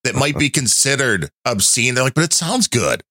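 A man's voice: medium pitch, very animated, normal speed, pushed and bright, dry recording, clean studio sound. A man hosting a podcast, chatting in a rambling, conversational way. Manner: rambling, conversational, many fillers. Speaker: podcast host. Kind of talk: casual chat.

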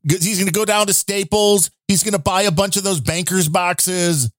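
A man's voice: high-pitched, steady tone, moderate pace, fairly bright tone, no echo, clean studio sound. A man hosting a casual political podcast, who jokes, laughs often and speaks to his listeners as folks. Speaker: podcast host.

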